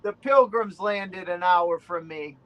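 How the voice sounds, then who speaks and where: Chatty Boston-accented man, higher voice. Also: takes it slowly, highs cut off. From Rhode Island. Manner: rambling, chatty, with many fillers. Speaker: guest. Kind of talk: casual chat on a video call.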